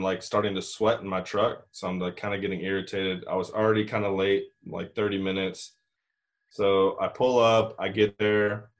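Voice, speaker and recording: Speaking in a lowish voice, a young man rambles through a lengthy story during a casual chat, full of "like" and "you know" with a swear word here and there.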